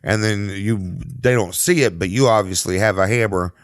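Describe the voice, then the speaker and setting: A man's voice: on the low side, normal speed, smooth. A man co-hosting a casual podcast, telling playful, jokey stories. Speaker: podcast co-host. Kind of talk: casual chat.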